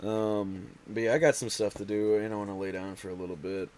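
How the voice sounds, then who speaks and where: A man's voice: on the low side, level tone, brisk, a little mellow. A man hosting a casual home livestream, stuffy and out of breath, talking in a tired, rambling way full of fillers and restarts. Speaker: livestream host.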